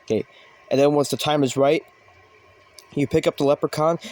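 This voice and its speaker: A man's voice: a little high, fairly even intonation, moderate pace, long pauses, a little mellow, no room sound. Rambling man hosting with many fillers. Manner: hesitant, many ums and uhs. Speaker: host. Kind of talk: rambling comedic chat.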